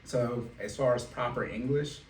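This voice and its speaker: A man hosting a casual podcast and working as a financial coach, telling animated stories and laughing often. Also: medium pitch, normal speed. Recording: echoey room, mic at a distance, faint noise.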